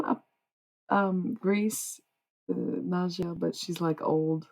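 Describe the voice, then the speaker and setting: A woman's voice: on the low side, steady tone, slow, creaky, darkish tone, low-quality recording. A woman livestreamer in rambling casual chat, meandering and answering her chat as she goes. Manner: meandering, talks to chat, trails off.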